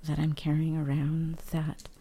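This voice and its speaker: Husky, whispery low-voiced woman. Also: monotone. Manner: whispered and hushed, slow and gentle; thinks aloud with hesitant fillers. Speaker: vlogger. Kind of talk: soft-spoken ASMR show-and-tell.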